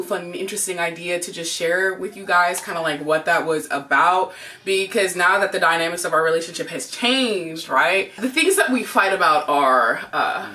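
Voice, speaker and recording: A young woman co-hosting a couple's channel, telling a story in a casual, animated way, full of "like" and acted-out quotes. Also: fairly low pitch. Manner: animated, heavy use of "like", acts out quotes. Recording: voice a bit distant from mic.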